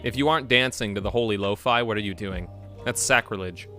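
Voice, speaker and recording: A young adult male streamer with a bright, crisp voice, talking in a goofy, rambling way to his chat. He swings from mumbled asides to sudden loud shouts. Soft music plays faintly behind him. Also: fairly low pitch, brisk. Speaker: game streamer. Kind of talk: casual live-stream chat.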